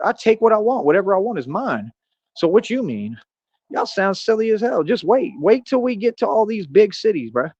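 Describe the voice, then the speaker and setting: On a live stream with dull lo-fi audio, a man with a fairly high-pitched voice, recorded dry, delivers a casual ranting monologue. He's boastful and confrontational, packing his talk with street slang.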